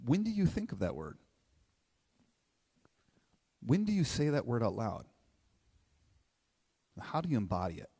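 A middle-aged man giving a live motivational talk, conversational and animated, often asking questions and tagging "right?". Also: mid-range voice, a little slow, pauses often, slightly rough. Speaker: motivational speaker. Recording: long hall reverb.

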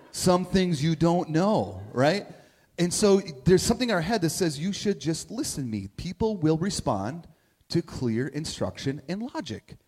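A man's voice: fairly high pitch, a little mellow. A middle-aged man giving a sermon as a pastor, telling stories in a conversational way and asking "right?" often. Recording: long reverb of a big hall.

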